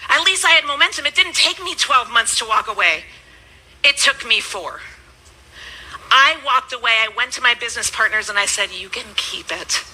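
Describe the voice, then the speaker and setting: A woman in her thirties, a business coach, giving an emphatic motivational speech that swings between loud and hushed. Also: a little high, lively intonation, moderate pace, low-quality recording.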